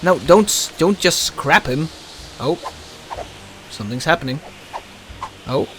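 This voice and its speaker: A man's voice: a little high, lively intonation, a little slow, noisy background. A man casually commenting on a game as he plays, muttering, cursing and getting frustrated. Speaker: gaming streamer. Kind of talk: casual let's play commentary.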